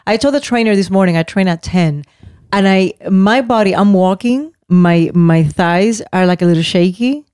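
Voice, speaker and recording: A woman in her fifties with a Puerto Rican Spanish accent, co-hosting a casual podcast, expressive and self-deprecating. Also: mid-range voice, normal speed, smooth, dry recording, clean studio sound. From Puerto Rico. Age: 50s. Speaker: podcast co-host. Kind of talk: casual chat.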